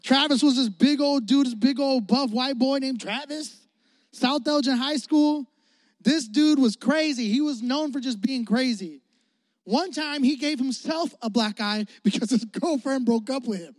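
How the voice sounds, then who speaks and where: A young man from the Chicago area preaching to a youth group, telling a funny story in an animated, joking way. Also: very high-pitched, a little slow, no room sound, clean studio sound. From Chicago area, United States. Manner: animated, joking, talks to the audience. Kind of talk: storytelling sermon.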